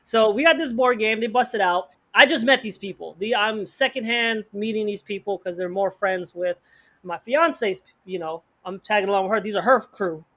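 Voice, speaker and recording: A man co-hosting a podcast, telling a story in casual slang, animated and acting out the people in it. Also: high voice. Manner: fast bursts of speech, slang-heavy. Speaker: podcast co-host.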